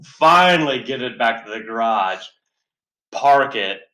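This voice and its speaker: A man's voice: medium pitch, lively intonation, measured pace, bright, forceful tone, reverberant. A man telling a story in a profane casual chat, swearing heavily, sighing and laughing as he talks.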